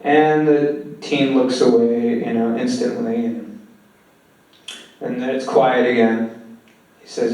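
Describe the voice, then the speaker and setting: A man's voice: mid-range voice, steady tone, slow pace, long pauses, a little mellow, recorded from a distance. A man giving a film lecture, retelling scenes from a script in a loose, conversational way. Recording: very echoey room, voice off-mic.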